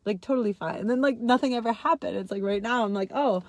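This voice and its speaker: Giggly high-voiced woman vlogger. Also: fast talker, dry recording. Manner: giggly, says "like" constantly, swings high when excited. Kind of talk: casual personal storytelling.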